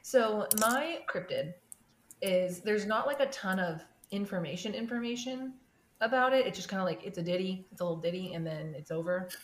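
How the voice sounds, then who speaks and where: A woman's voice: medium pitch, lively intonation, moderate pace. A woman co-hosting a podcast in casual chat, giggly and rambling off on tangents. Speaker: podcast co-host. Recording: roomy echo.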